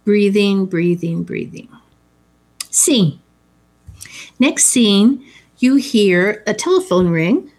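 A woman's voice: medium pitch, lively intonation, takes it slowly, long pauses, darkish tone. A woman in casual chat about a film, adding trivia and wry asides.

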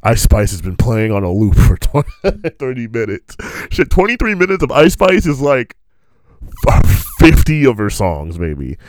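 A man's voice: mid-range voice, very animated, normal speed. A man telling stories in a loose, rambling monologue, laughing often and restarting his sentences.

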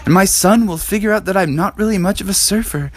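A man's voice: sits high, quick pace, no room sound. A man voicing a cheerful, bumbling frog dad in a bedtime story, boasting in a laid-back surfer manner. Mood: boastful.

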